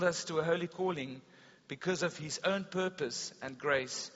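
A man preaching a sermon at a church service, telling stories with a lively delivery that rises loud and drops to a hush. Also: a little high, moderate pace. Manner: animated storytelling preacher, swings between loud and hushed. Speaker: pastor. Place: school hall service. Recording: dull long-reverb hall sound.

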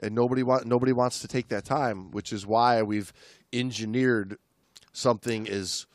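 A man's voice: mid-range voice, fairly even intonation, moderate pace, no room sound, clean studio sound. A male podcast co-host chatting casually and reading a story aloud with dramatic emphasis.

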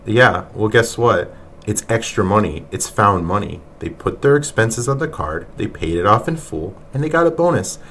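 Low-voiced, mocking male podcast host. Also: expressive, moderate pace, a bit bright, slight background noise. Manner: mocking, exasperated, laughs often. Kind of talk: reaction commentary podcast.

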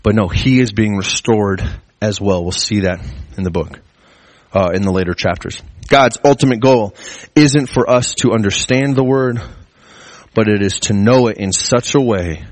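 A man preaching a sermon in an earnest way, his pitch climbing as he presses his points. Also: normal speed, no echo. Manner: earnest, rising pitch when stressing a point. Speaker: pastor.

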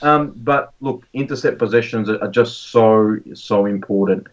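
A man co-hosting a podcast in casual chat, relaxed with lots of ums and restarts. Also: fairly low pitch, moderate pace. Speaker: podcast co-host. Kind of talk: casual fantasy sports chat. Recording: distant, dull-sounding mic.

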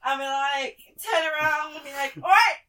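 High playful woman. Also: little pitch movement, fairly quick, sharp tone, far from the mic. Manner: playful, giggly banter. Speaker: player. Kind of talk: casual tabletop role-play chat.

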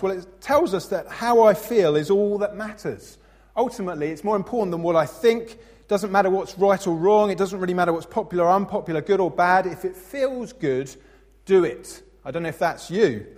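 A man in his thirties preaching a sermon as pastor, expressive and playful, acting out voices in his stories. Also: sits high. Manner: expressive, acts out funny voices in anecdotes. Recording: long hall reverb.

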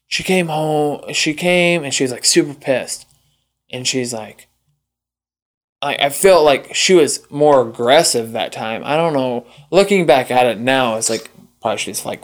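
A young man telling a personal story in casual chat, rambling with lots of fillers and swearing, jumping up in pitch to act out the people he quotes. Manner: acts out quoted voices with big jumps in pitch. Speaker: podcast guest.

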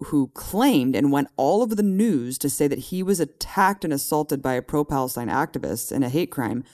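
A man on a podcast in casual political chat, telling a story with animated, exasperated emphasis. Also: on the high side.

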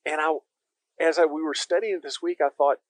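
A man's voice: on the high side, fairly even intonation, normal speed, no echo, rough recording. A man preaching a conversational sermon as pastor, emphatic and speaking directly to his listeners.

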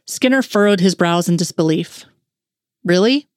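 A woman reading fan fiction aloud in a steady storytelling narration. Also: mid-range voice, moderate pace, no echo, studio quality.

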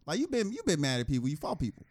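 Animated, higher-voiced man chatting. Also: rapid-fire. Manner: animated, acts out quoted reactions with laughter. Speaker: podcast co-host. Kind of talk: casual chat.

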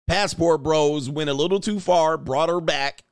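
A man's voice: a little high, takes it slowly, clear, resonant tone, no echo, clean studio sound. Joking man reacting to clips. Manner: joking, animated, laughs often, slang-heavy. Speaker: commentary host. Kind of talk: casual reaction commentary.

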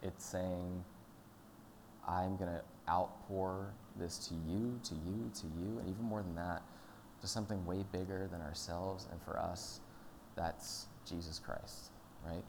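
A man giving a sermon at church in a relaxed, conversational, storytelling manner. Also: sits low, unhurried, noisy background. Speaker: pastor.

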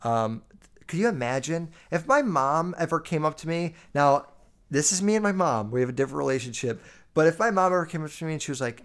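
A man's voice: a little high, expressive, moderate pace. A man in his twenties hosting a solo podcast, ranting bluntly with heavy swearing and lots of fillers. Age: 20s. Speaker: podcast host. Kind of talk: casual solo podcast rant.

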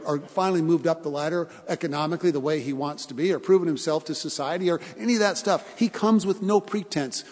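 A man's voice: on the high side, darkish tone, big-room sound. A male pastor preaching a sermon in an earnest way, repeating phrases for emphasis and asking his congregation questions.

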